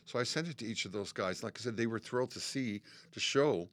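An older man from Canada, a musician guest spinning animated stories in a casual chat and acting out the people he quotes. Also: medium pitch, fairly quick, no echo. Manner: animated storyteller, acts out quotes and sings snippets. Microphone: studio mic.

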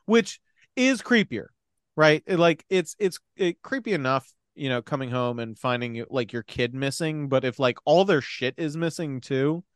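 A man's voice: mid-range voice, expressive, moderate pace, clear, resonant tone, dry recording, studio quality. A young man in casual chat, animatedly retelling a film's plot, acting out the characters' lines, swearing and laughing. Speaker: podcast co-host recapping a film.

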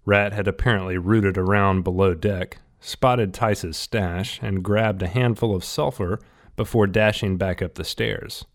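A man reading a novel aloud in steady, scripted audiobook narration. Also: fairly low pitch, measured pace.

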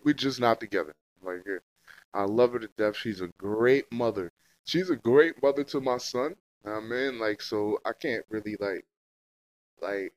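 A young man hosting his own casual solo podcast, rambling in heavy slang and profanity with lots of fillers, and getting loud and high when a story heats up. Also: dry recording, rough recording. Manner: gets loud and high-pitched when telling a heated story. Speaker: podcast host.

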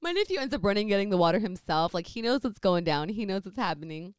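A young woman casually telling a family story in a rambling, animated way, full of fillers. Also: mid-range voice, fast talker, clean tone, no echo.

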